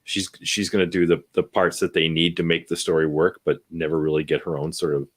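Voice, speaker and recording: A man in a casual podcast chat about films, giving his opinions in a deliberate, measured way. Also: sits low, little pitch movement, breathy edge. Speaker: podcast guest.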